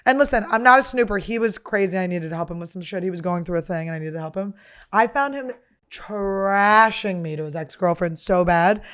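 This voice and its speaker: A woman's voice: mid-range voice, fairly quick, fairly bright tone, clear, resonant tone. A woman in her thirties hosting a podcast, chatting casually in a blunt, profane, teasing way. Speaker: podcast host.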